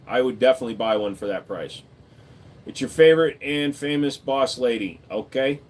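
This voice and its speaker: A man's voice: mid-range voice, normal speed, a little hiss or hum. A man hosting a livestream, reading chat and answering in a laid-back, joking way, swearing casually and saying "dude" a lot.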